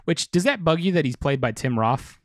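A man's voice: on the high side, lively intonation, a little fast, no echo, studio quality. Chatty man rambling about comics. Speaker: podcast co-host. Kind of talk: casual chat about comics.

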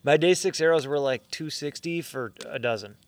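A man's voice: a little high, normal speed. Chatty man laughing between stories. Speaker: hunting companion. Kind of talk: casual chat.

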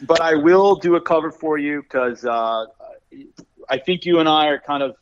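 Over a dull-sounding phone line with slight background noise, an Arizona man, a guest artist, speaks at normal speed in a high-leaning voice. He's enthusiastic in this casual interview, rambling and often starting over.

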